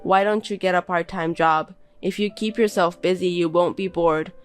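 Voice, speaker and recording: Scornful bossy husband, woman reading it, low-ish voice, talks down to his wife. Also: steady tone, moderate pace, clean tone, soft background music, close to an everyday voice. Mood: contemptuous. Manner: belittling, bossy and contemptuous. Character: scornful insulting young husband. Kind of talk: reading a text-message story.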